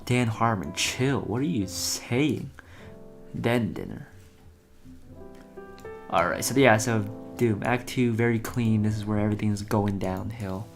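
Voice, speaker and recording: A man with a fairly low voice reads stage directions and drops casual, chatty asides between lines. Soft guitar music plays faintly behind him throughout. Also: unhurried. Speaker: vtuber streamer. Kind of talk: casual commentary on a script read.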